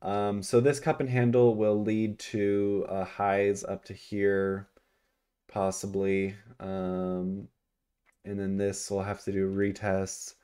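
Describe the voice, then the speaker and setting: A young adult man talking casually as he charts stocks on screen, thinking aloud with frequent ums and excited exclamations. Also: lowish voice, slow, smooth. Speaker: stock market vlogger. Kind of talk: casual screen-share commentary.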